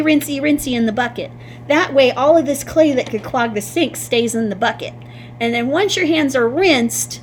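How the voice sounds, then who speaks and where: A woman's voice: on the high side, slight background noise. A woman art teacher giving a patient, sing-song classroom lesson to young children.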